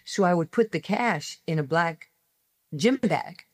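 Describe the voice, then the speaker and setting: A woman in her sixties, a guest telling personal stories in an emphatic way, speeding up in quick bursts. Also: lowish voice, expressive, no echo, studio quality. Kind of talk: animated personal storytelling.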